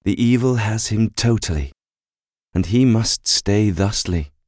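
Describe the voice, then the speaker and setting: A male audiobook reader voicing an ethereal, gentle and wise motherly female spirit who gives grave counsel in a soft, hushed way. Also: fairly low pitch, a little slow, dry recording, studio quality, voice pushed up. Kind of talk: audiobook character voice.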